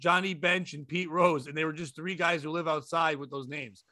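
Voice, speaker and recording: A man's voice: on the high side, moderate pace, dry recording. A man co-hosting a casual comedy chat, telling stories and acting out the people in them. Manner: animated storyteller who acts out shouting customers. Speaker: podcast co-host.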